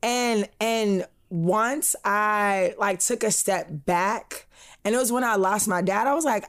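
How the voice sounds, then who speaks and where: A woman's voice: medium pitch, slow pace. A young woman co-hosting a podcast, telling stories in a casual chat and acting out the voices of people she quotes. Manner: animated storytelling, acts out quoted voices, frequent laughs. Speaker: podcast co-host.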